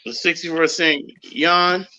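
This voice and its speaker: Man, casual chat, halting, somewhat high voice, lo-fi sound. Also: steady tone, bright, forceful tone.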